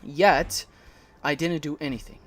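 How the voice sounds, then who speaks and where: A man's voice: on the high side, unhurried. Agitated man telling a story. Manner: heated, animated retelling with swearing. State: voice shaking with anger. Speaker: collector vlogger. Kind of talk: casual storytime.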